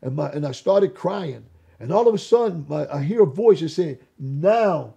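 High, gravelly male storyteller, dark and raspy, lively testimony delivery. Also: moderate pace, lo-fi sound. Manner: animated, acts out quoted voices. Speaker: interview guest.

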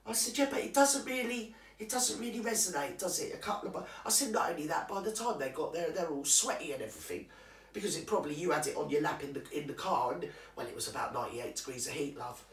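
A performer doing a gossipy older woman, chattering away in confiding asides and teasing jabs. Her pitch swoops up and down with relish. She sounds a step back from the mic in a roomy space. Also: animated, fast talker, far from the mic, natural voice. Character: gossipy older British woman, nosy and cheeky. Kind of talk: comic character monologue to camera.

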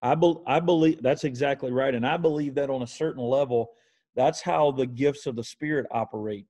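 A man hosting an interview, thoughtful and measured, often restating his points. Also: mid-range voice, dark tone. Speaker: interview host. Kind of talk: casual interview conversation.

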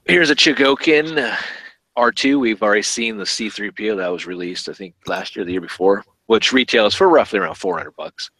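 A man's voice: lowish voice, lively intonation, brisk, sharp tone, no room sound, low-quality recording. A man hosting a podcast, chatting casually and thinking aloud with fillers about collectible toys. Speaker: podcast host.

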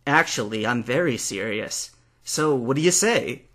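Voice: mid-range voice, a little slow. A reader voicing a composed, polite male champion trainer in a storybook. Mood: courteous. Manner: calm, formal.

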